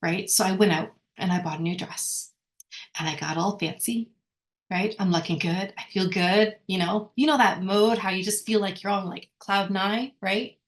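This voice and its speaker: A woman's voice: medium pitch, fairly even intonation, moderate pace. Woman teaching in loose, chatty asides. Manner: conversational, asks listeners "right?" often; rambling with frequent self-corrections. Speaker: workshop speaker. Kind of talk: informal teaching talk.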